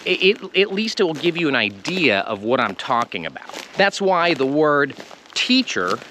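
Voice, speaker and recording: An American man teaching English pronunciation to camera, explaining slowly and stretching out the sounds he demonstrates. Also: fairly high pitch, sing-song, bright, forceful tone, slight background noise. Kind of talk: online language lesson.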